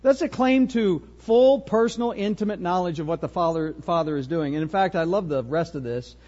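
A man preaching an expository sermon, emphatic and animated, full of rhetorical questions. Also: sits high, a little fast, dull audio.

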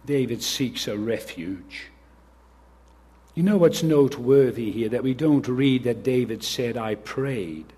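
A man's voice: mid-range voice, slow, dark tone, breathy edge. A man preaching an earnest sermon as pastor, reading scripture and speaking directly to the children.

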